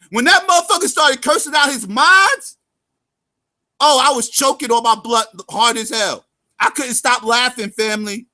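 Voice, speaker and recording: A man telling a story as a commentator, cursing heavily, calling his viewers family, and swinging between loud outbursts and low mutters. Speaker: YouTube commentator.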